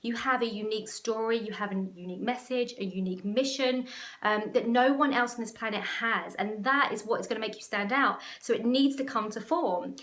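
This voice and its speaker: A woman's voice: a little high, brisk, fairly bright tone, reverberant. A woman business coach talking to camera in an emotional, passionate, rambling way. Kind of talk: casual talk to camera.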